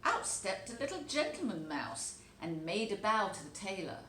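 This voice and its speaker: A woman teacher reading a children's storybook aloud, telling it with expressive, animated delivery. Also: medium pitch, moderate pace. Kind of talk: storybook read-aloud narration. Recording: echoey room, faint background noise.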